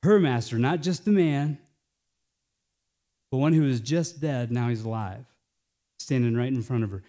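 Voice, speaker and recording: An American male pastor delivering a sermon, swinging between hushed, slowed phrases and loud, emphatic lines. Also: medium pitch.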